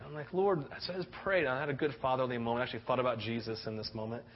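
A man's voice: medium pitch, very fast, in a large hall, a little hiss or hum. A man preaching a sermon as a pastor, telling stories animatedly with frequent restarts. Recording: muffled lo-fi recording.

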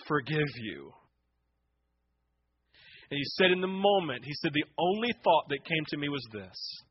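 A man preaching a sermon, telling stories that swing from hushed to impassioned, often repeating words and asking "right?". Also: on the high side, expressive, normal speed, breathy edge, dry recording, muffled recording. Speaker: pastor.

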